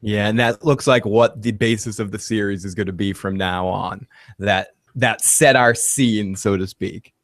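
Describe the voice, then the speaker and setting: A man's voice: on the low side, steady tone, unhurried, dry recording. A man hosting a casual TV review chat, giving blunt, profane opinions. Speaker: podcast host.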